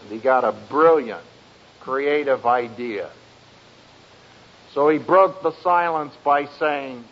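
A man speaking to an audience as a family counselor, telling stories in a slow, emphatic way with dry humor. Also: mid-range voice. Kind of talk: speech to an audience. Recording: dull lo-fi recording.

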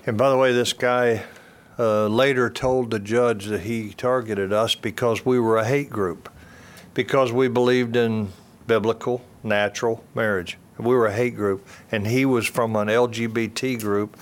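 A man's voice: mid-range voice, steady tone, a little slow. An older man telling a personal testimony in an earnest storytelling way, repeating phrases and restarting sentences. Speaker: speaker giving a testimony.

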